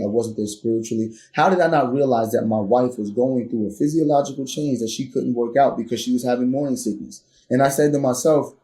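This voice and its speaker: Here a man's mid-range voice carries through a roomy space as he sits as a podcast guest, candidly recounting something from his own life. He's earnest throughout, and the arguments he acts out rise steadily into loud, heated exchanges.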